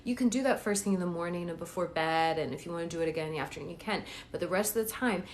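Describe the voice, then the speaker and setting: A woman's voice: fairly low pitch, very fast, slight background noise. A woman coaching viewers on a casual live stream, chatty and encouraging, checking in with "okay?" and "right?" as she goes. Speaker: manifestation coach.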